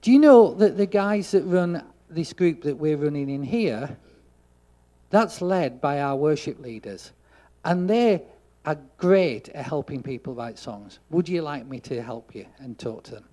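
A man preaching a sermon, telling a story and acting out the dialogue, getting loud for emphasis. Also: on the high side, animated, unhurried.

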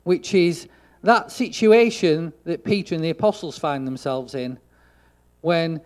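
A man preaching a sermon, telling a story and acting out the dialogue, getting loud for emphasis. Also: a little high, unhurried.

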